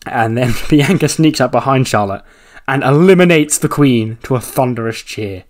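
A man's voice: medium pitch, animated, measured pace. Chatty man narrating a wrestling game. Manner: laughs often, swears, loose and chatty. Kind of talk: casual play-by-play narration.

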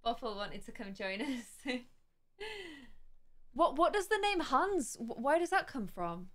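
A young woman hosting a let's play, chatting curiously and reading game text aloud slowly as she thinks. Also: sits high, big pitch swings, a bit bright.

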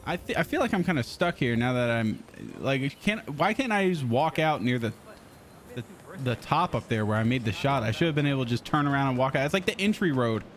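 Excitable man streaming a game. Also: mid-range voice, brisk. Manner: excitable, swears a lot, laughs often. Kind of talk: casual gameplay commentary.

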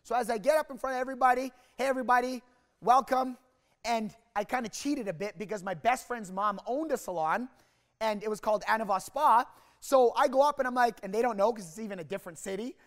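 High-voiced man in an echoing hall. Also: fast. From Canada. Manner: energetic, rambling, many restarts, acts out quoted voices. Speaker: motivational sales speaker. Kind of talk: motivational storytelling talk. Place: large hall at a sales rally. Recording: reverberant hall sound.

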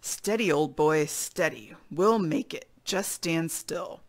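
A calm, resourceful young adventurer from a storybook, speaking in a steady, reassuring way, as a woman reads him. The voice stays low with a gravelly grain. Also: slow pace, heavily acted.

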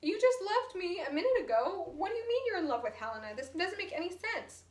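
A woman's voice: on the high side, fairly even intonation, moderate pace, a bit bright, distant mic, close to an everyday voice. A woman reading a storybook aloud, voicing an upset, jealous young woman in plain, exclaiming tones. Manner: indignant, exclaiming. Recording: echoey room.

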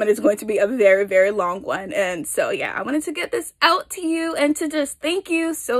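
A young woman author chatting casually to her viewers, upbeat and a little out of breath while in a rush. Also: a little high. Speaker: author and channel host. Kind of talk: casual chat to camera.

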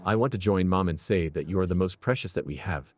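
A man voicing a deep-voiced, halting father. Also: natural voice. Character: middle-aged father caught in an affair. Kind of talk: dubbed drama voice-over.

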